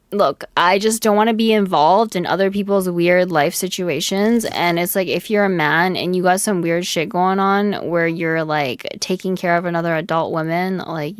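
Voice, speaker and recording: A woman's voice: lowish voice, dry recording. A young woman streamer reacting to clips in casual, blunt, profane commentary and greeting her chat.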